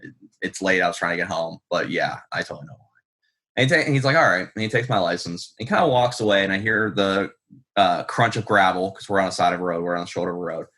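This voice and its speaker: A man's voice: sits low, fast, pushed and bright. A man, a guest author telling stories in a rambling, profane, self-deprecating way full of ums. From United States. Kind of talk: casual storytelling in an interview.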